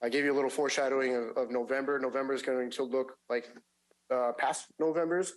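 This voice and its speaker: A man giving a finance report at a public agency meeting, with a measured delivery and frequent fillers and restarts. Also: mid-range voice, fairly even intonation, poor audio.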